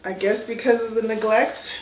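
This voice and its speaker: A woman's voice: on the high side, steady tone, normal speed, a little hiss or hum. Chatty woman in an echoey bathroom. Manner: chatty and candid, talks through her routine. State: out of breath. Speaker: hair care vlogger. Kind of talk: casual vlog talk. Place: bathroom shower.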